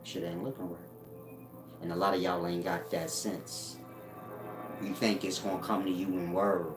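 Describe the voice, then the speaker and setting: This low-pitched self-help host talks at a moderate pace, leaving long pauses. His monologue is blunt and profane, streetwise lecturing laced with slang, recorded in an echoey room over background music.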